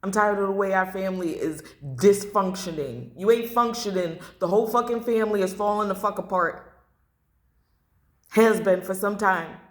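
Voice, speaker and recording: A woman's voice: mid-range voice, normal speed. Woman, tarot reader, blunt, repeats herself, echoey room. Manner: blunt, emotional, repeats phrases, swears. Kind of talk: angry tarot reading to camera.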